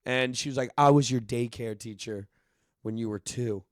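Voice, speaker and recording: 20s philly dude on a podcast, rambles and stumbles, dry studio sound. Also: male voice, mid-range voice, moderate pace, dry recording. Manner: rambling storyteller, stumbles over words. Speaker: podcast co-host. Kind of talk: casual chat.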